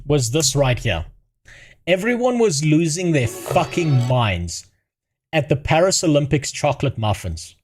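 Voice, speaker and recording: A man's voice: fairly high pitch, sing-song, unhurried, a little mellow, breathy edge, soft background music. A man from Africa, doing crude, profane livestream commentary and laughing at his own jokes. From South Africa.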